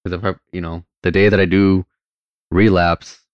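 A man's voice: deep voice, level tone, fast, no room sound, lo-fi sound. A man hosting a podcast, laid-back and agreeing as he chats casually with his guest. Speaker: podcast host. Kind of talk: casual interview chat.

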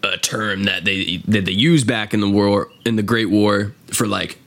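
A man hosting a casual podcast chat, swearing often and acting out quotes in a high voice. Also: steady tone, unhurried, vocal fry, a bit bright. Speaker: podcast host.

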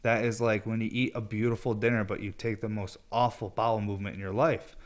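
A man's voice: lowish voice, little pitch movement, brisk. A young man in a casual, rambling monologue, laid-back and profane, joking at his own expense. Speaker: vlogger.

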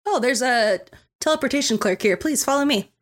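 Woman doing a smooth half-elf charmer. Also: on the high side, lively intonation, brisk, pitched above the performer's own voice. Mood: flirtatious. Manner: smooth, flirtatious. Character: charming silver-haired male half-elf.

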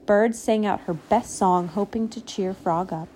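A woman reading a picture book aloud, slow and expressive, giving the animals little voices. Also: medium pitch, slightly rough. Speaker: storybook reader.

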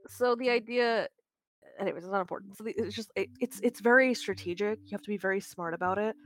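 A woman's voice: medium pitch, fast talker, a bit bright. A young woman co-hosting a casual gaming podcast, joking about herself, swearing freely and laughing. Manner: self-deprecating, sweary, laughing. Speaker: podcast co-host. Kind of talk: casual chat.

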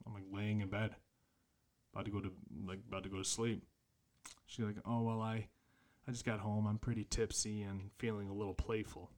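A tired young man co-hosting a podcast, telling a crude story in casual chat and laughing often. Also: on the low side. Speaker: podcast co-host.

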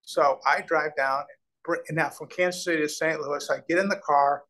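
In an interview, a guest from Omaha, a real estate developer in his sixties, animatedly tells a long story about business, playing out the dialogue as he goes. His pitch is fairly high, his pace moderate, and the recording low in quality.

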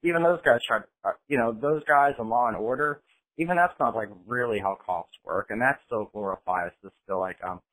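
A man's voice: mid-range voice, brisk, fairly bright tone, low-quality recording. A man from the United States talking bluntly and with energy in a casual podcast conversation, swearing freely as he goes.

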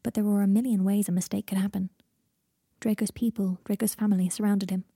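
A woman narrating a fan fiction audiobook in an even, steady storytelling voice. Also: medium pitch, a little fast, slightly rough, dry recording, clean studio sound.

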